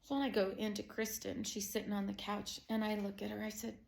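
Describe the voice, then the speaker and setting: A woman's voice: mid-range voice, monotone, brisk, vocal fry, a little mellow. A middle-aged woman giving a personal testimony as a Christian counselor, telling a family story conversationally with many fillers. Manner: conversational storytelling, growing emotional; many fillers like "you know" and "um".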